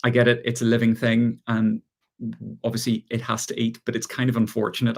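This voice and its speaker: Man, Irish accent, casual livestream host, reads viewer questions, relaxed, laughs easily. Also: medium pitch, a little fast. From Ireland. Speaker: gardening channel host. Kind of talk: casual live chat answering viewer questions.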